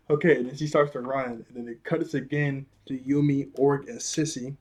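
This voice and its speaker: A young man with a husky, slightly breathy voice talks through a cartoon episode in a loose, rambling way. He laughs often and slips into quick impressions of the characters as he retells each scene. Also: medium pitch, steady tone. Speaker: video reviewer. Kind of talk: casual episode recap.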